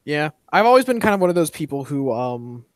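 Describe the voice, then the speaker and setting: Low-voiced woman hosting a casual chat. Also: big pitch swings, a little fast. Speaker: podcast host.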